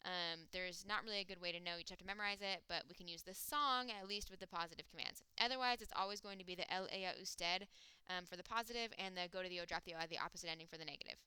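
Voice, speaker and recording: A woman teaching a recorded language lesson, explaining step by step with frequent fillers and slowing down to sound out words. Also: fairly low pitch, bright, forceful tone, clean tone, no room sound. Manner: slows down to sound out words and sings a mnemonic. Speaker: Spanish teacher. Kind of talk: recorded classroom lecture.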